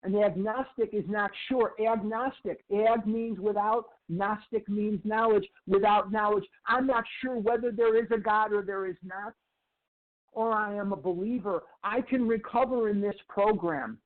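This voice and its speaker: Male recovery speaker with a high voice who tells stories and drives points home by slow repetition; thin, phone-like recording. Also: fairly even intonation. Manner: slow, emphatic repetition of phrases. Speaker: twelve-step recovery speaker. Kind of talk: storytelling lecture. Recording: tinny phone-like sound.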